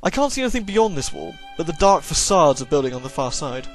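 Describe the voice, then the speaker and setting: This horror-game let's play features a man with a sore throat cracking sarcastic jokes in a slightly high, sing-song voice. He talks quickly while faint music plays behind him.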